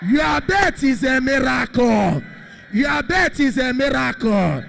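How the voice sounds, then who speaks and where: A man, a Catholic priest, leading prayer with shouted, repetitive declarations. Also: extremely high pitch, very animated, takes it slowly, vocal fry. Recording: long hall reverb.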